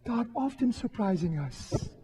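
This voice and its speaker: A priest delivers a homily in a soft, husky, mellow voice. He speaks gently and reflectively, pausing often. The sound rings with the long reverb of a church. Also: very high-pitched, sing-song. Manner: gentle, reflective, with frequent pauses. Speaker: Catholic priest giving a homily. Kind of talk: sermon. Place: church during Mass.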